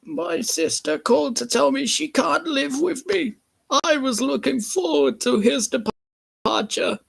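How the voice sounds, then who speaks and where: A fussy elderly lady gushes in a shrill, cracking falsetto that leaps all over the place, as a man puts her on. She is hammy and over the top, like a fan-read storybook character. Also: lively intonation, a little slow, creaky, a bit bright, breathy edge, exaggerated voice. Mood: mournful.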